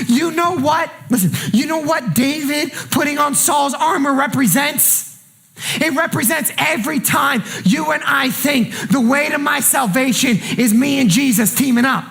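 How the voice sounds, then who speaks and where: A man preaching a sermon as pastor, impassioned and colloquial, swinging between quiet lines and shouted ones and repeating phrases for emphasis. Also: very high-pitched, creaky.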